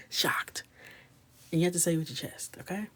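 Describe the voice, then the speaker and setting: Low-voiced woman in whispered coloring chat. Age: 30s. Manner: mostly whispered, joking, bursts into loud shouts. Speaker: coloring livestreamer. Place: small closet with a ring light.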